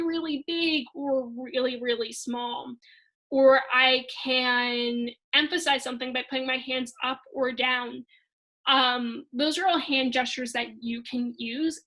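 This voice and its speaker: A young woman teaching an online lesson for kids in a clear, upbeat and expressive way. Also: sits high, poor audio.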